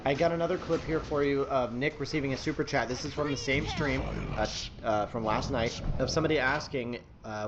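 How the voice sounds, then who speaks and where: A man hosting a commentary channel, setting up clips in a plain, casual way with some fillers. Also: medium pitch. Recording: dull lo-fi audio with noise.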